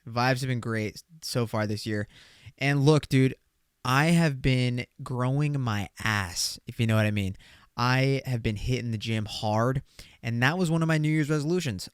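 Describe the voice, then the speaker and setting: A man's voice: mid-range voice, smooth, dry recording, studio quality. A young man hosting a casual solo podcast, talking in a loose, slangy way and swearing as he jokes. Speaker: podcast host.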